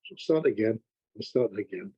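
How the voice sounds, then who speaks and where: Husky guy rambling through a story, lots of restarts, kinda dull lo-fi sound. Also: on the low side, normal speed. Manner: animated anecdotes with repeated restarts. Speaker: hypnotherapist guest. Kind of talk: storytelling in a podcast conversation.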